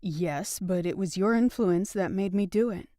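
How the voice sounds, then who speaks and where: A woman's voice: medium pitch, normal speed, warm tone, no echo, clean studio sound, natural voice. A woman voicing a wry, teasing young male professor in a romance audiobook.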